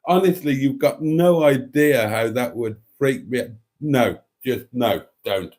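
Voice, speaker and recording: A middle-aged man hosting a casual live stream, reading out viewer comments and chatting in an animated, dramatic way that includes some swearing. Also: a little slow. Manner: animated, dramatic, swears freely, lively pitch swings.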